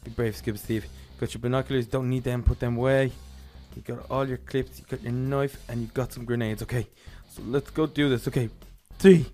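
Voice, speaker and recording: A young man hosting a game role-play, narrating every move in character and getting loud and excited during the action. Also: mid-range voice, moderate pace, faint music behind.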